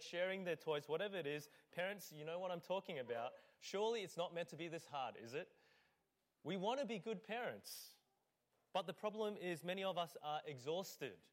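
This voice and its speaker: Guy pastor giving a chatty sermon at church, kinda high voice, lots of ums. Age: adult parent. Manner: conversational, with fillers; acts out scenes. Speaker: lead pastor.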